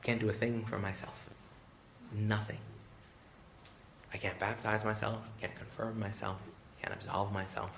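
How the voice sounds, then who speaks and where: A male priest giving a retreat talk, joking and acting out quoted voices with big pitch jumps. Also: level tone, measured pace, vocal fry, long pauses, fairly bright tone, a little hiss or hum. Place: retreat venue with a live audience.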